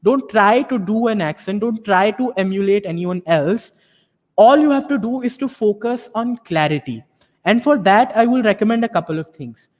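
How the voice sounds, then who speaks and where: A man's voice: high voice, lively intonation, normal speed, a little mellow, in a large hall. A man giving an explanatory advice talk to students and parents, often checking in with rhetorical questions. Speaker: panel speaker on learning English.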